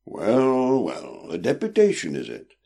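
A man's voice: on the low side, huge pitch swings, measured pace, creaky, dark tone, exaggerated voice. A man voicing a jovial, portly old ship captain with a teasing, old-fashioned way of speaking.

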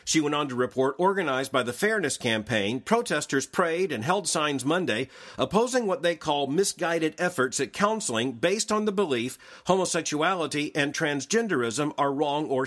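A man hosting a daily news analysis show, reading scripted commentary in a measured, formal way. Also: a little high, fairly bright tone.

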